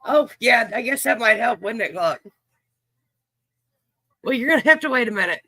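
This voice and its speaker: A man's voice: extremely high pitch, lively intonation, normal speed, vocal fry, pushed and bright, no room sound. Folksy man hosting a stream. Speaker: livestream game host. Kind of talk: casual livestream chat, reading viewers' names.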